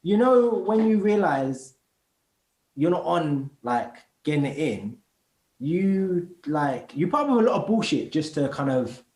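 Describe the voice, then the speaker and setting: A man's voice: on the high side, a little slow, reverberant, rough recording. A man, a podcast guest chatting casually in heavy street slang and acting out other people's voices as he tells stories. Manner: animated storyteller, acts out other people's voices.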